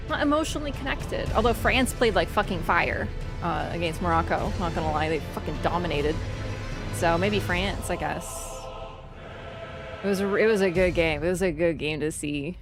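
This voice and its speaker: A woman's voice: mid-range voice, normal speed, over music. A woman streamer in a casual live-stream chat, rambling and swearing as she rants.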